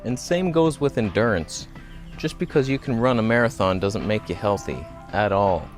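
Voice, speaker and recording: A man's voice: fairly low pitch, lively intonation, moderate pace, faint music behind. A man talking to camera outdoors about health in a casual, joking vlog, with self-mocking asides. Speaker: vlogger. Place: outdoors, walking by a road.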